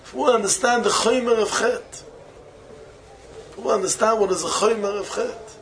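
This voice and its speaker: A man, a rabbi, giving a Torah lecture in English full of Yiddish and Hebrew terms, with non-native phrasing, slowing to chant key phrases and breaking into sudden high exclamations. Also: fairly bright tone, a little hiss or hum, poor audio. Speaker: rabbi teaching students. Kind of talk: Torah lecture to young men.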